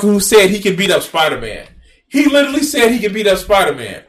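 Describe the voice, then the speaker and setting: A man's voice: high-pitched, huge pitch swings, a little fast. A man hosting a reaction video, talking in a casual, profane and incredulous way, mocking and laughing at what he watches.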